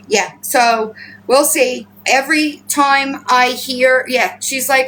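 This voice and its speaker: A woman's voice: takes it slowly, fairly bright tone, slight background noise, low-quality recording. Profane, rambling woman livestreaming at home. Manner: profane, rambling, and chatty, switching to high baby-talk with her pets. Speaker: livestream host. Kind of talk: casual livestream chat. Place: at home with pets. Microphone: phone.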